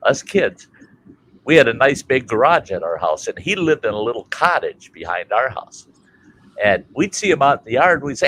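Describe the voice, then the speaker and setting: A man from Minnesota hosting a casual chat stream, telling a family story in a colorful, animated way and swearing freely. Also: mid-range voice, fairly quick, slight background noise, low-quality recording. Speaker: livestream host.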